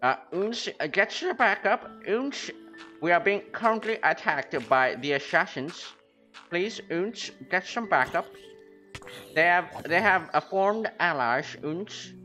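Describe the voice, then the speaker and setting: A man's voice: high voice, expressive, racing, hardly any pauses, pushed and bright, pitched above the performer's own voice. A man doing an urgent mock-Russian accent. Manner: urgent, pleading for backup. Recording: lo-fi stream audio, faint music.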